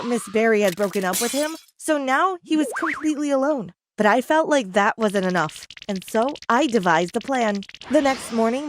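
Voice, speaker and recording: A woman narrating an animated story in a lively, chatty first-person style. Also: fairly high pitch. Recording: background music under the voice.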